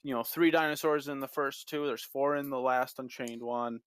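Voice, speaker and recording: A man running a tabletop game as game master, narrating casually and haltingly. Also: medium pitch, fairly even intonation, fairly bright tone, smooth, no room sound. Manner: casual, halting, many fillers.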